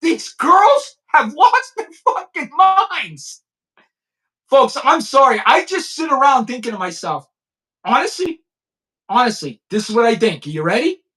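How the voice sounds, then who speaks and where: A man's voice: extremely high pitch, big pitch swings, a little slow, pushed and bright. A man, a former police chief, ranting blunt and profane commentary straight to his viewers.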